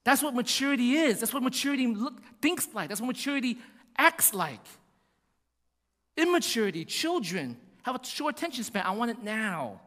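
A man preaching a sermon, animated and full of rhetorical questions, acting out little voices as he goes. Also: very high voice, moderate pace, big-room sound. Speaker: pastor.

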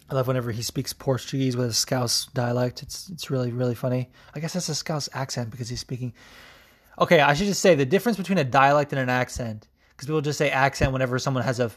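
A young man hosting a podcast, chatting casually through sports news with lots of ums, restarts and offhand swearing. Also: mid-range voice. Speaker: podcast host.

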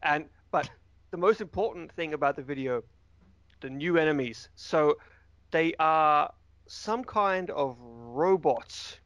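A man hosting a casual gaming podcast, jokey and excitable, laughing often. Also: fairly high pitch, slow, no room sound, muffled recording. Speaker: podcast host.

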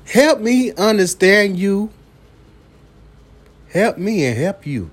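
A man hosting a late-night solo podcast, talking slowly and profanely and returning again and again to one catchphrase. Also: sits high, sing-song, breathy edge. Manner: slow, profane, repeats a catchphrase; coughs now and then. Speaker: podcast host. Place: downtown building at night.

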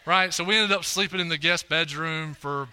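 Young male preacher, casual storyteller, tags lines with "right?", piercingly bright tone. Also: on the high side, normal speed, a little hiss or hum. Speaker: preacher at a church. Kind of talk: sermon with a personal story. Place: church auditorium stage.

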